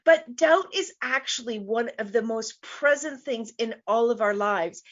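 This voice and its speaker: A woman's voice: a little high, measured pace, a bit bright. Emphatic woman coach, lo-fi sound. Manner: emphatic, repeats key phrases, laughs easily. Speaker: business coach and show host. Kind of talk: live online show monologue.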